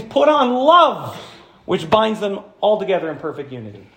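A man preaching a sermon as pastor, animated, swinging from hushed passages to loud, high-pitched points. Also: moderate pace, reverberant. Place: church.

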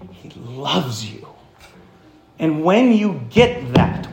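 A man preaching a sermon to a congregation in a church hall, animated and emphatic, often asking the room questions. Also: a little high. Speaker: pastor.

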